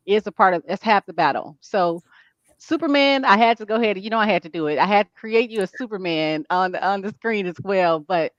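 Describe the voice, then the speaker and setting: A woman's voice: mid-range voice, brisk, dry recording, muffled recording. Encouraging woman host, dry close sound. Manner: encouraging, frequent affirming fillers. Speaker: interview host. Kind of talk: casual interview talk.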